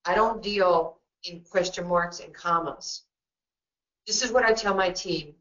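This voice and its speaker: A woman with a New York accent, a basketball coach speaking in a webinar, blunt and joking, telling stories quickly with many asides. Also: fairly low pitch, fairly bright tone. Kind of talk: webinar talk. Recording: dull lo-fi webinar audio.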